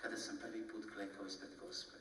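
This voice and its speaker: Man, Croatian native, brisk earnest testimony, heard far off in an echoey hall. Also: low-pitched, little pitch movement, a bit bright. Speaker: visionary giving testimony. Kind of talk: recounted testimony.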